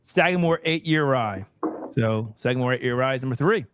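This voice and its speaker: A man's voice: medium pitch, animated, moderate pace, fairly bright tone, clean tone, no echo, studio quality. A man hosting a casual whiskey tasting panel, bantering, swearing and laughing as he reveals his rankings. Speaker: host.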